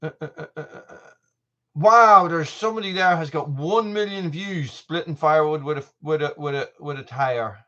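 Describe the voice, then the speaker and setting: A man's voice: on the high side, brisk, few pauses, fairly bright tone, muffled recording. An Irish man hosting a live stream, chatting casually while reading viewer comments, often restarting his sentences. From Ireland. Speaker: channel host.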